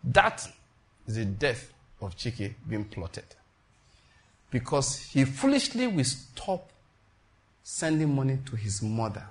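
A man's voice: medium pitch, sing-song, slow pace, pauses often. A man preaching a sermon in an emphatic, repetitive style, calling out to his congregation. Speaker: pastor.

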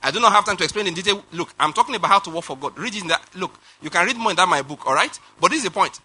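High, bright-voiced preacher. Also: male voice, very fast, breathy edge. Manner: animated preaching with laughter and rhetorical questions. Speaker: pastor. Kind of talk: sermon.

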